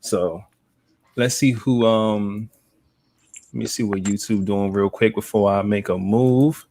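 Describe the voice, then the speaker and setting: A man's voice: lowish voice, fairly even intonation, slow, dark tone. A man hosting a live podcast in loose, chatty talk, laughing easily. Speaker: podcast host. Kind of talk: casual live podcast chat.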